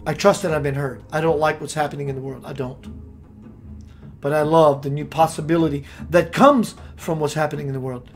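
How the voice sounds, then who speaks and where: A man hosting a spiritual radio show, preaching with playful rhymes and sudden swings between loud and hushed. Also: a little high, fairly even intonation, fairly quick, faint music behind. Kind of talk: impassioned spiritual talk.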